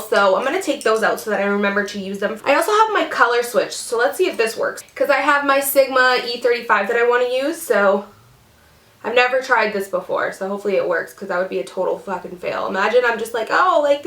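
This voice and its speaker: Bubbly young woman rambling through her makeup, kinda high voice. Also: fairly bright tone, roomy sound. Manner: chatty, bubbly, heavy use of "like" and "seriously". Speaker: beauty vlogger. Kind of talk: casual get-ready chat.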